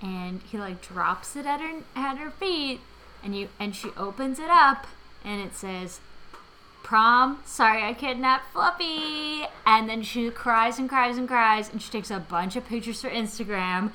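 A woman co-hosting a comedy podcast, telling a story with lively, acted-out voices. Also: fairly high pitch, moderate pace, a little hiss or hum, poor audio. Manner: animated storyteller who acts out characters. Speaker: podcast co-host. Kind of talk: comedic banter.

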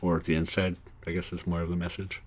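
A man co-hosting a comedy podcast, pitching a movie idea and acting out quoted lines with animated storytelling. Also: quick pace, a little hiss or hum. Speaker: podcast co-host. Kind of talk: comedic casual chat.

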